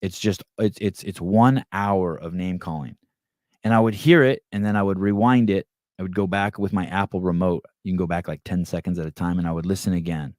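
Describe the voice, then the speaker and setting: Deep-voiced man rambling on a podcast. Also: steady tone, fairly quick, darkish tone, dry recording, studio quality. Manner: rambling, restarts often, acts out quotes. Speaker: podcast host. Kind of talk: casual monologue.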